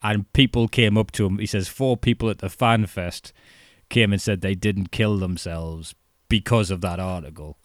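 A man's voice: fairly low pitch, fairly even intonation, normal speed, dry recording, clean studio sound. A man chatting animatedly about wrestling, laughing and swearing as he talks. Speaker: wrestling fan co-host. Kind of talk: casual chat.

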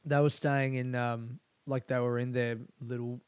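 Young Aussie male podcast host, crude and profane, rambling; smooth, dry close-mic sound. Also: mid-range voice, little pitch movement, a little slow, a little mellow, no room sound. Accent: Australian. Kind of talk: solo casual podcast monologue.

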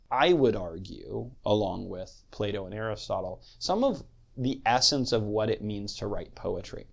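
Man, podcast host, low and gravelly; measured lecture delivery. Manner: thoughtful, measured, taps out meter aloud. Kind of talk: lecture-style podcast talk.

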